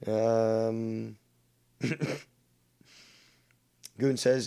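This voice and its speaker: Gravelly low-voiced male streamer. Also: measured pace, pauses often, darkish tone. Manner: blunt, sarcastic, swears often. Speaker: streamer and host. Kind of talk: live stream commentary.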